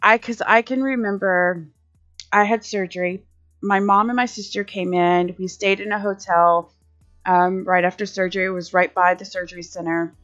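A woman's voice: medium pitch, fairly even intonation, normal speed, fairly bright tone. Rambling woman host in her forties. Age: 40s. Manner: rambling, conversational, many restarts. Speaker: podcast host. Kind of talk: casual storytelling monologue. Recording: slightly muffled lo-fi audio with faint music.

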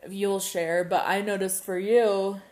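A young woman co-hosting a podcast in casual chat, rambling and animated, swearing casually. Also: medium pitch, slow pace. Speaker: podcast co-host.

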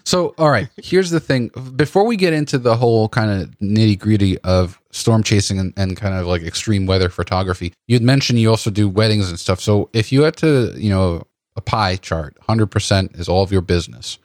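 A man's voice: on the low side, fairly quick, hardly any pauses, darkish tone, no echo, clean studio sound. A man hosting a photography podcast, chatting casually, laughing and tripping over his words. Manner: stumbling, laughing, self-mocking. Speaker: podcast host.

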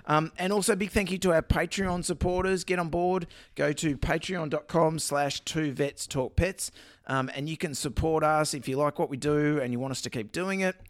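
A man's voice: a little high, normal speed, no echo. A man co-hosting a casual vet podcast, joking and reading articles aloud with lots of ums. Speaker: veterinarian podcast co-host. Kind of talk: casual chat.

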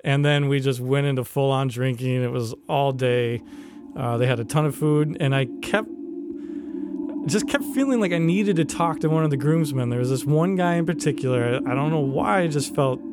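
A man co-hosting a podcast, telling a wild story in a casual, animated way, laughing and swearing as he goes. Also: medium pitch, normal speed. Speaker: podcast co-host. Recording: loud background ambience.

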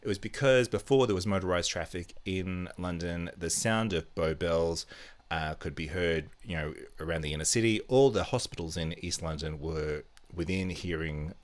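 A man's voice: low voice, moderate pace. A man co-hosting a podcast, chatting casually and reading out a quiz in a playful, teasing way. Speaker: podcast co-host.

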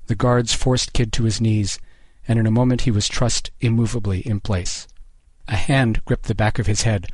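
A man reading a short story aloud as narrator, in a steady, measured way. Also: on the low side, slightly rough, dry recording.

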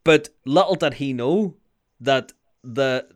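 A man's voice: medium pitch, takes it slowly. A young man, telling rambling, sweary stories in casual banter with a friend. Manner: animated, swearing, rambling storytelling.

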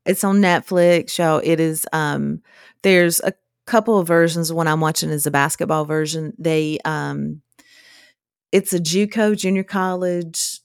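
A woman co-hosting a casual chat podcast, telling animated stories. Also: a little slow, creaky, smooth, dry recording, clean studio sound. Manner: animated storyteller, drawling, quotes people in high voices. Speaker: podcast co-host.

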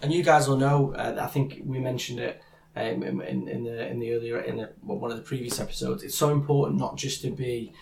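A man's voice: medium pitch, steady tone, brisk, gravelly, darkish tone, a little hiss or hum. A man co-hosting a podcast, chatting casually about fights and rambling with many restarts and fillers. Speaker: podcast co-host. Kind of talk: casual MMA chat.

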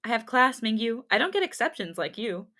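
A woman's voice: on the high side, sing-song, brisk, bright, forceful tone. A woman voicing a flustered young woman in a fanfic reading, by turns whiny and mocking.

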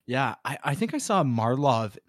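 Relaxed man chatting about games. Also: medium pitch, moderate pace, no room sound. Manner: relaxed, rambling with many fillers. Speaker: podcast co-host. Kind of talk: casual gaming chat.

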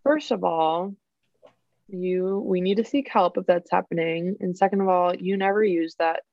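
A woman's voice: on the low side, moderate pace, no room sound. Young woman chatting, dull dry sound. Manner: chatty, many fillers, searching for words. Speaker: podcast co-host. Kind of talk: casual chat.

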